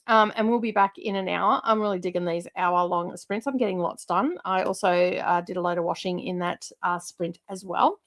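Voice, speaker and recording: A woman's voice: fairly low pitch, moderate pace, hardly any pauses, fairly bright tone. A middle-aged woman, chatting casually as host of a livestream, rambling with lots of fillers and laughs.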